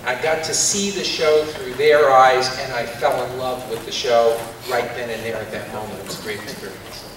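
Voice actor on a panel, animated storyteller, distant mic in an echoey hall. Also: male voice, mid-range voice, moderate pace. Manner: animated, laughing anecdotes. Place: large convention hall. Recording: echoey hall from far off, faint noise.

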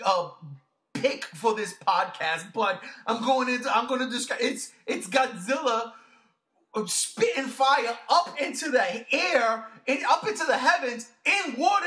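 Bright-voiced, gushing podcast host man. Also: very high voice. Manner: gushing, swears freely, repeats himself. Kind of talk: excited casual podcast chat.

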